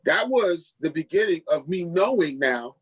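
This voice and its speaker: Husky-voiced man telling his story. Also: a little high, moderate pace, low-quality recording. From Queens, New York. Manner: lively storyteller who acts out quoted dialogue. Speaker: pastor, podcast guest. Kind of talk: personal testimony storytelling.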